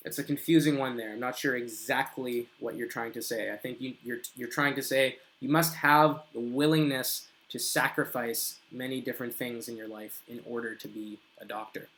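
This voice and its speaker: A man teaching an English grammar lesson live, reading viewers' comments aloud, correcting them and drawing out his example sentences slowly. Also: medium pitch, steady tone, fairly bright tone.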